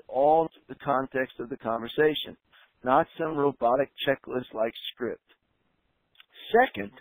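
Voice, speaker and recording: A man's voice: a little high, no echo, phone-quality sound. Emphatic male practice coach, dry sound. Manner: emphatic, slows down to stress key points. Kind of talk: training talk.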